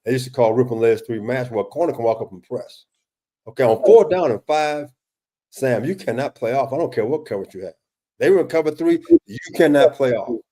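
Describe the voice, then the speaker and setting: A man's voice: medium pitch, expressive, a little fast, mellow. A man analyzing game film in a casual talk, emphatic and exasperated, with repeated words and restarts as he questions a play. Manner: emphatic, exasperated questioning, often addresses co-host by name. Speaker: football defensive analyst. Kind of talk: casual film-breakdown discussion.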